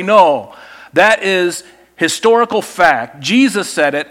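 A male pastor preaching a sermon in a conversational, animated storytelling way. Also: high-pitched, measured pace.

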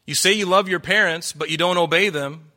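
A man's voice: sits high, fairly quick, pushed and bright. A man preaching a sermon, reading scripture aloud and pressing his listeners with emphatic rhetorical questions. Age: adult. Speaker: pastor.

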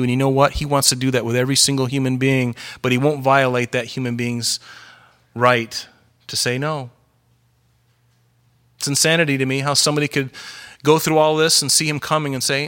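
A man's voice: mid-range voice, flat delivery, a little fast, a bit bright, clean tone. A middle-aged man preaching a sermon as pastor, emphatic and full of rhetorical questions.

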